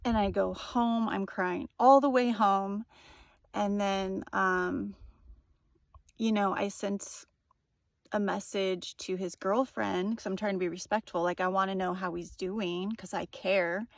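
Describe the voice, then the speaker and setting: A woman's voice: mid-range voice, steady tone, unhurried, vocal fry, dry recording, studio quality. A young woman telling a personal story in a casual, rambling monologue, full of fillers and swearing. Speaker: vlogger.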